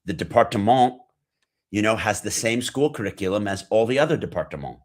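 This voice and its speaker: A man's voice: fairly low pitch, animated, brisk. An American man, a guest on a podcast, explaining things in an earnest, lecturing way. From United States. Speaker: podcast guest, geopolitics analyst. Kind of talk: casual conversational interview.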